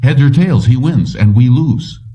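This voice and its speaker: A man voicing a weary middle-aged police commissioner who talks in a somber, measured way. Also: mid-range voice, expressive, warm tone, recorded from a distance, pitched above the performer's own voice, lightly acted.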